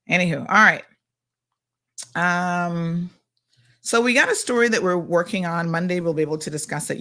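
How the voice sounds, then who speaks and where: Woman host, animated and chatty, breaking local news with asides. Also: sits low. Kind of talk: casual news chat.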